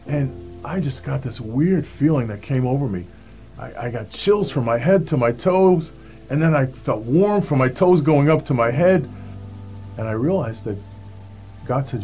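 A man's voice: mid-range voice, expressive, measured pace, a little mellow, soft background music. Earnest man telling his testimony. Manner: earnest, acts out the voices of people he quotes. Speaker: speaker giving a personal testimony. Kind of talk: personal testimony storytelling.

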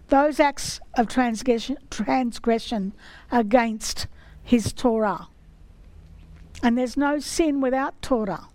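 A woman giving a sermon, reading scripture in a slow, measured way. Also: fairly high pitch, darkish tone, no echo, low-quality recording. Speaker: teacher of scripture.

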